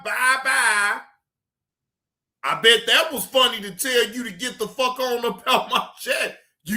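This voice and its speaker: A livestream reaction host ranting at a viewer in the chat, profane and heated, often breaking into shouts and repeating dismissive goodbyes. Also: medium pitch. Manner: repetitive dismissive sign-offs.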